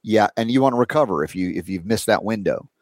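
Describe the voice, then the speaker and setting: A male talk show host with a low voice, chatting in a loose, rambling way full of fillers and restarts. His voice is recorded close and dry, with no room sound. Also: lively intonation, fast, no echo. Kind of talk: casual talk show chat.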